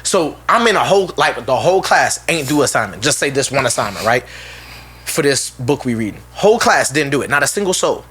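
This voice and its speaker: A man's voice: medium pitch, very animated, a little fast, a bit bright, husky. A young man co-hosting a podcast, telling a school story in casual slang and laughing often. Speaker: podcast co-host.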